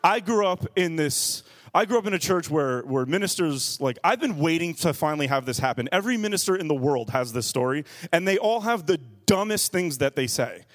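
A man who is a pastor, preaching a sermon and telling a funny story in a lively, animated way. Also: a little high, a little fast, hardly any pauses. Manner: animated, acts out other people's voices.

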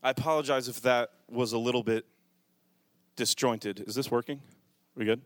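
A man's voice: medium pitch, fairly even intonation, moderate pace, dry recording. Man preaching a fervent sermon. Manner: builds from quiet reflection to loud, fervent preaching. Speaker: pastor. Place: church sanctuary. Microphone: handheld microphone.

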